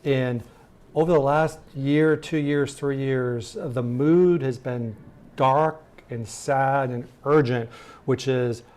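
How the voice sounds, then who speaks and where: A man's voice: medium pitch, fairly even intonation, takes it slowly, darkish tone. A middle-aged man giving a conference talk and a TV interview as a guest speaker, conversational, with many fillers and rhetorical check-ins. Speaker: guest speaker, polling director.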